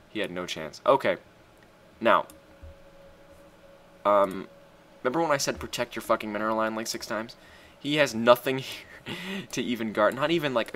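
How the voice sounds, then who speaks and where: A man casually commentating a strategy game he played, excitable and profane, often bursting into loud shouts. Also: on the low side. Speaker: gamer commentating his own match.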